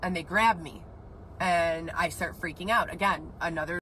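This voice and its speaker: A woman with a lower-pitched voice pours out a personal account, agitated and rambling, cursing freely as she goes. Faint background noise sits under her voice. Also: moderate pace, sharp tone, low-quality recording. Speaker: woman telling her own story.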